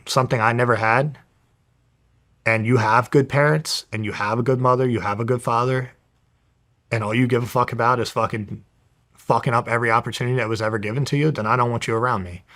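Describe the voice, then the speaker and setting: Forceful, blunt young man from New Jersey. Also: mid-range voice, fairly even intonation, fast. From New Jersey, USA. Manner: blunt, heavy swearing. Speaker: guest, professional fighter. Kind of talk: casual storytelling.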